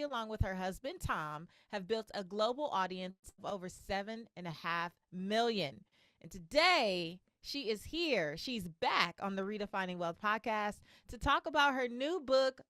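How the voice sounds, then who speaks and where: Apresentadora de podcast com voz seca e próxima. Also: female voice, mid-range voice, lively intonation, unhurried, no room sound. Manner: warm, effusive, encouraging. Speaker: podcast host. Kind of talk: interview conversation.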